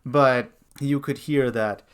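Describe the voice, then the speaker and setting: A young man as host and dungeon master, giving an animated lesson on character voices and demonstrating them. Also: slow pace, smooth. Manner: animated, shifts pitch and loudness to demonstrate voices. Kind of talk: instructional talk with voice demonstrations.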